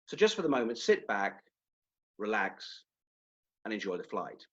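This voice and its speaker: Guy doing a slow calm pilot voice, low, drops at the end of lines, kinda muffled audio. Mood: calm, assured. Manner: slow, measured, falling at phrase ends. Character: calm authoritative male airline pilot.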